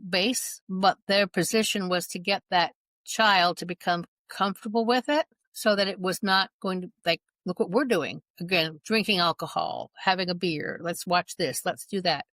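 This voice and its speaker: Middle-aged mother, guest. Earnest storyteller, lowish voice, dry close recording. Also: moderate pace, fairly bright tone, no echo. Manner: earnest, reenacts dialogue in her retelling. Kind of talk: personal account in conversation.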